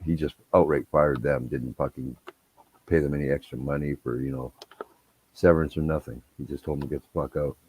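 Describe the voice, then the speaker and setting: A man's voice: extremely low pitch, fairly even intonation, fairly quick, a little mellow, slightly rough. A man telling rambling, profane anecdotes in casual chat. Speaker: storyteller.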